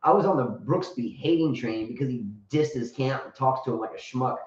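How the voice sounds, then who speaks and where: A man's voice: medium pitch, a little fast, darkish tone. A man hosting a casual live show, rambling, joking and blunt, with crude humor. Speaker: show host and tennis coach. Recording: roomy, distant, dull sound.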